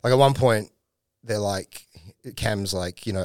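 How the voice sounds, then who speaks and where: A man's voice: deep voice, normal speed, dry recording, studio quality. Profane Australian man telling a wild story. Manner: profane, animated, acts out quotes. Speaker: comedian telling a story on a podcast. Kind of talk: casual storytelling chat.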